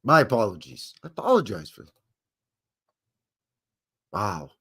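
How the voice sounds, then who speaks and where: A man's voice: fairly low pitch, huge pitch swings, a little slow, fairly bright tone, breathy edge. A Canadian man hosting a live stream in a folksy, jokey way, greeting chatters by name. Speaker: livestream host. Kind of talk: casual live-stream chat.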